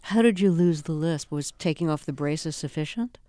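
An interview host asking prepared questions in a measured, careful way, using a few fillers. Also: mid-range voice, dark tone, no echo.

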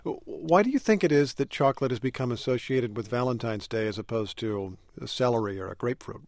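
A man's voice: mid-range voice, fast talker, a little mellow, no echo. Male host, mid-range voice, friendly questioner, dry sound. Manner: curious, affable questioner. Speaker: interviewer host. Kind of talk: interview conversation.

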